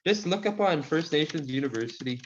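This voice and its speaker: A man teaching an online language class, answering questions in a relaxed, friendly way with many fillers. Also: a little high, a little fast, slight background noise. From Saskatchewan, Canada. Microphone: video call. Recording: muffled video call audio.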